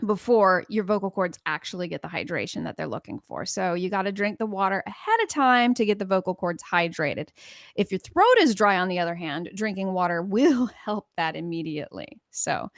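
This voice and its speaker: A woman's voice: lowish voice, no room sound, studio quality. An American woman from California giving a casual live-stream singing lesson, chatty and rambling, laughing often. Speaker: singing teacher.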